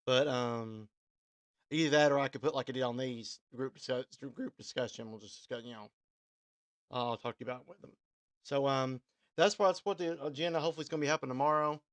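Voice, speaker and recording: A man's voice: mid-range voice, steady tone, brisk, dry recording. Guy dj rambling through his sign-off, lots of ums, dry close sound. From Kentucky, USA. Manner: rambling, full of ums and restarts. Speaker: radio host and DJ. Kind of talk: casual live-stream sign-off.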